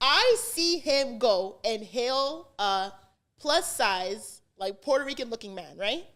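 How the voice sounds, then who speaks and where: A woman co-hosting a podcast, telling a story in casual chat, animated and swearing, acting out what others said. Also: fairly high pitch, slow, a little hiss or hum. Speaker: podcast co-host.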